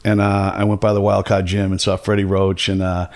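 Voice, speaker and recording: A middle-aged man talks in a lowish voice. He tells stories in a loose, rambling way, piling up fillers and the odd curse word. It sounds like casual podcast chat. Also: monotone, fairly quick. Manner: rambling, heavy on fillers and profanity. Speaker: podcast host.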